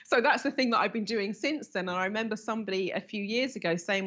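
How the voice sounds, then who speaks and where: A woman in her fifties teaches a live workshop session and moves quickly into stories, acting out the voices of the people in them. Her voice is mid-pitched and the recording sounds a little dull. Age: 50s. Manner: animated storyteller who acts out quoted voices. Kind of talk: live expo talk with stories.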